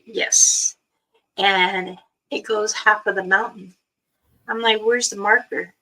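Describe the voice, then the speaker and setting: Slow, bright-voiced woman storyteller. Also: medium pitch. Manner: animated, acts out quoted dialogue, laughs often. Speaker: livestream host. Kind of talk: casual storytelling chat. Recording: voice a bit far from the mic.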